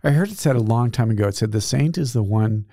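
Male friar co-host with a gravelly voice, easygoing and reflective, mellow. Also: mid-range voice, expressive, fast, no echo, studio quality. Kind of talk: casual chat.

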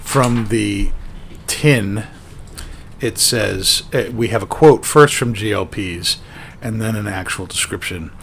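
Low-voiced man hosting a casual chat. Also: slow, fairly bright tone, a little hiss or hum. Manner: rambling, with many fillers and restarts. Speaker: podcast host.

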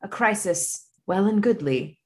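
A woman putting on a British accent to play a nature-documentary narrator, telling a scene with measured, dramatic delivery. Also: mid-range voice, animated, darkish tone, natural voice. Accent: British (put on).

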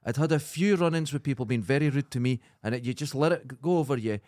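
A man co-hosting a podcast, telling sweary anecdotes in a casual, animated way. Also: medium pitch, quick pace, no room sound, studio quality. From Scotland. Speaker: podcast co-host. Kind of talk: casual chat, storytelling.

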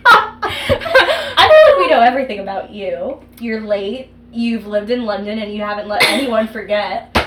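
A woman's voice: a little high, very animated, unhurried, reverberant. A young woman co-hosting a casual comedic chat, teasing and laughing often. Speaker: podcast co-host. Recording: clear background hiss and clicks.

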